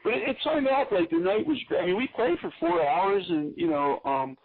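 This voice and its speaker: A man from Philadelphia, a guest musician telling stories in a casual, animated way with frequent laughs, over a tinny phone-line radio call. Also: sits high, a little fast. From Philadelphia, USA. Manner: chatty, animated, laughs often. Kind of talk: casual interview storytelling.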